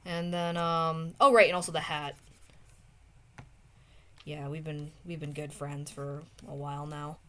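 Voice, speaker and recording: A young woman streamer chatting casually with viewers while drawing, often trailing off into soft muttering to herself as she works. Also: low voice, little pitch movement, a little slow, long pauses, slight background noise. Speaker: streamer drawing art requests.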